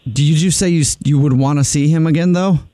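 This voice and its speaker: Amused male radio host, mellow voice. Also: fairly high pitch, brisk, no room sound. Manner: amused, probing, laughs easily. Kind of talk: radio show chat.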